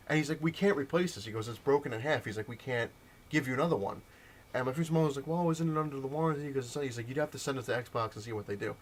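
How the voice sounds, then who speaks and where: A man ranting in a casual vlog, telling a story with heated, animated mimicked dialogue. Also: medium pitch, fast, slight background noise. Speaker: comic collector vlogger.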